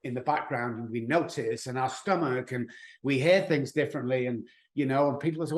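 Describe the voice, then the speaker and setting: A middle-aged man, an addiction expert, speaking as a podcast guest in an emphatic, animated way, acting out quotes as he explains. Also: mid-range voice, fairly quick. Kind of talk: conversational podcast interview.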